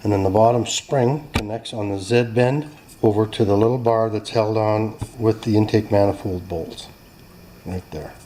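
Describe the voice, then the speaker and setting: A man's voice: on the low side, moderate pace, mellow, a little hiss or hum. A man who runs a repair shop, casually talking through his work step by step, with self-deprecating and apologetic asides. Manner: chatty, explains each step as he works. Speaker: small-engine repair shop owner. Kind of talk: casual hands-on repair walkthrough. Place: repair workshop.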